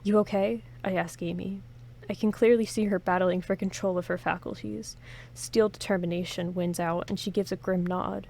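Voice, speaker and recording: A woman's voice: mid-range voice, steady tone, normal speed, gravelly, hardly any pauses, darkish tone. A woman hosting a playthrough, reading an interactive horror story aloud in first person and breaking off for casual, joking asides. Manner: reads dramatically, breaks off for chatty, joking comments.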